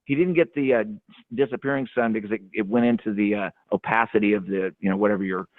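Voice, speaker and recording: A man's voice: on the low side, quick pace, no room sound. A man caller telling a rambling story, full of fillers and restarts. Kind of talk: casual storytelling. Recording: phone line, dry.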